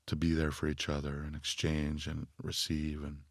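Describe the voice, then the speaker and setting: A man speaking as a podcast guest and spiritual teacher, thoughtful and full of fillers, growing more animated as he explains. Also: a bass voice, normal speed, dry recording, clean studio sound. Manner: thoughtful, speaks in loose phrases with many fillers. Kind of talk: reflective podcast conversation.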